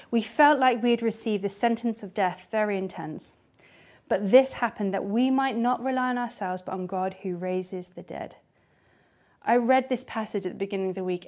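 A woman preaching a candid, personal sermon, dropping to hushed tones at times. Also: mid-range voice.

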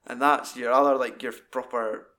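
Sweary man chatting about a film. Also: moderate pace. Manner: sweary, animated, acts out film scenes in high put-on voices. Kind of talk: casual film chat.

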